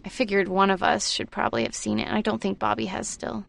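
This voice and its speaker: A young adult woman co-hosting a casual podcast, bubbly and quick to laugh. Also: mid-range voice, level tone, vocal fry, a bit bright. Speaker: podcast co-host.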